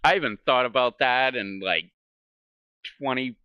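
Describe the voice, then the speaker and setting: Chatting while he games at home, a middle-aged man from the United States rambles, curses, and cracks himself up with his own tales. He speaks in a mid-range, clean-toned voice at a moderate pace; there's no echo, but the top end is missing.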